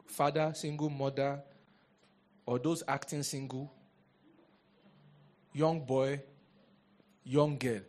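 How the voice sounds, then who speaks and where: A pastor preaches a sermon in a lively, rhetorical style, frequently asking the congregation questions. His voice is a little high.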